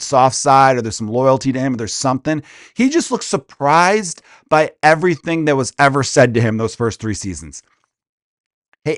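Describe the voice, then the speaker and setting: Crude, animated man ranting on a podcast. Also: fairly high pitch, no room sound, clean studio sound. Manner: crude, profane and animated, slipping into quick impressions. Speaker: comedian podcast host. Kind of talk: casual comedic rant.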